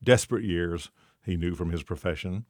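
A man narrating a short story in a measured storytelling manner. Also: low-pitched, darkish tone, dry recording, studio quality.

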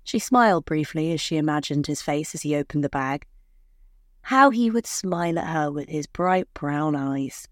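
A woman narrating a short romance story in a measured, somber way. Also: deep voice, no room sound, studio quality.

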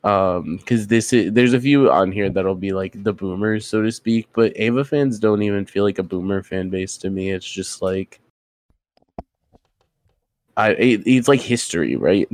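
A man's voice: lowish voice, moderate pace. A young man co-hosting a casual podcast, easygoing, with dry joking asides. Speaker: podcast co-host.

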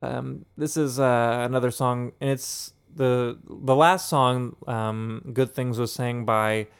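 A young man casually talking through an album with a friend, chatty and relaxed, humming bits of the songs. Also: mid-range voice, takes it slowly, gravelly, smooth. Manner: relaxed, chatty, hums and sings snippets of songs. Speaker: podcast co-host reviewing an album. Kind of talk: casual chat.

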